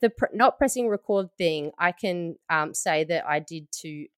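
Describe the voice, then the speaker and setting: A woman's voice: on the low side, animated, smooth, no echo, clean studio sound. A woman in her thirties co-hosting a podcast, chatting casually and telling stories with acted-out quotes. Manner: chatty storyteller, quick to act out quotes. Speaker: podcast co-host. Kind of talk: casual chat.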